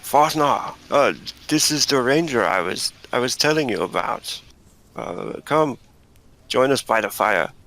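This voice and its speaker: A man's voice: medium pitch, animated, measured pace, a bit bright, voice pushed up. A man voicing a hearty male hunter who greets and explains plainly. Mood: welcoming.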